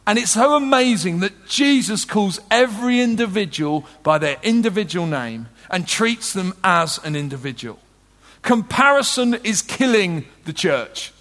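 A man preaching a sermon with passion, swinging from loud urgent peaks to soft low moments. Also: animated, moderate pace, big-room sound. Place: large tent.

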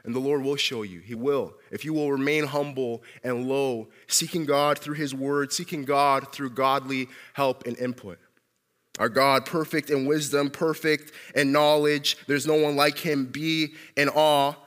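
A man preaching a sermon as pastor, animated, calling out questions for listeners at home to answer. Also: medium pitch, unhurried, big-room sound.

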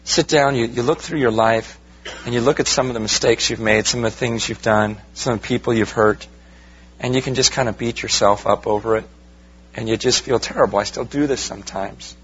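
A man's voice: mid-range voice, steady tone, brisk, dull audio, a little hiss or hum. A man, a pastor, preaching a sermon in a conversational way, asking rhetorical questions and talking straight to his congregation. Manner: addresses the congregation directly.

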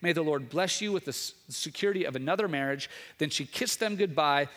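A man's voice: a little high, fairly quick, fairly bright tone. A man in his thirties preaching a sermon, earnest and repetitive, with frequent restarts, building to raised, emphatic passages. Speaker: pastor.

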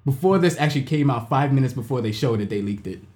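A man's voice: medium pitch, lively intonation, fast talker, a little mellow. Swearing man in a loose podcast chat. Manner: loose, swears, acts out quotes. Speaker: podcast co-host. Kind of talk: casual chat.

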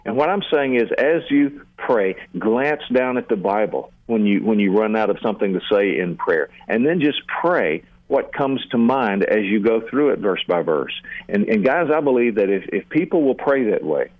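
A man's voice: fairly low pitch, big pitch swings, normal speed, no echo. An older man, a seminary teacher, explaining prayer earnestly in a radio interview and often repeating words as he starts a sentence. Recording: narrow phone-like radio sound.

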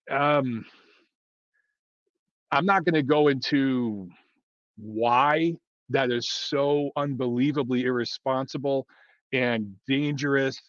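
A man's voice: medium pitch, no room sound. Blunt, rambling man talking boxing. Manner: blunt, rambling, frequent fillers and restarts. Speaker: boxing commentator. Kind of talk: casual opinion monologue. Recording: dull lo-fi dry sound.

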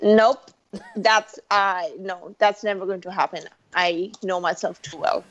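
A woman's voice: mid-range voice, unhurried. Young woman with a dull lo-fi sound. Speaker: podcast co-host. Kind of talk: casual chat.

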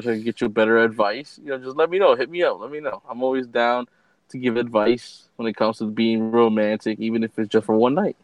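A man's voice: mid-range voice, dry recording, poor audio. Laid-back stammering man, dry sound. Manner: stammering restarts, laid-back slangy talk. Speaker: podcast co-host. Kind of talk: casual podcast chat.

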